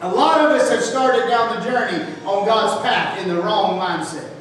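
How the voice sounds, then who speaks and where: High-voiced preacher in an echoing sanctuary. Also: male voice, moderate pace, a bit bright, slight background noise. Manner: fervent, questioning the congregation. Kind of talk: sermon. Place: church sanctuary. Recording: echoey church hall from far off.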